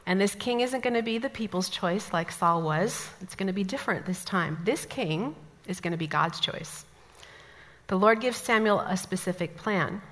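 A woman from the American Midwest teaching a Bible study, telling stories with lively asides. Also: mid-range voice. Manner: animated storytelling, lively asides. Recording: long hall reverb.

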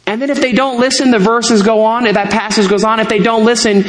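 A man's voice: sits high, fairly even intonation, quick pace, hardly any pauses. A middle-aged man, a pastor, preaching a sermon in a conversational way, with asides and self-corrections.

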